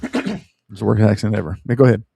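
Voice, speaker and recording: A man's voice: on the low side, big pitch swings, fairly quick, vocal fry, dark tone, breathy edge, no echo. A man hosting a podcast in casual chat, joking and swearing, often laughing. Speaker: podcast host.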